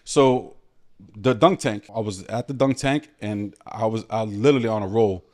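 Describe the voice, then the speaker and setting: A man from New City, telling stories as a guest in a casual podcast chat, animated and full of street slang. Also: on the low side, moderate pace. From New York City.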